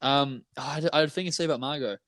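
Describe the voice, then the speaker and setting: A man's voice: mid-range voice, rapid-fire, fairly bright tone, no room sound. A young man with a New Zealand accent, rambling, stumbling and laughing in casual podcast chat. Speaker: podcast co-host.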